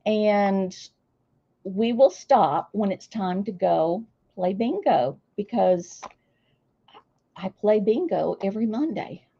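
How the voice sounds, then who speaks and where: An older woman, chatting warmly and emotionally with her viewers as a streamer. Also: mid-range voice, expressive, slow, creaky, breathy edge, muffled recording. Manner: warm, emotional, gushing. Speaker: streamer hosting a celebration. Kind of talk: casual chat to viewers.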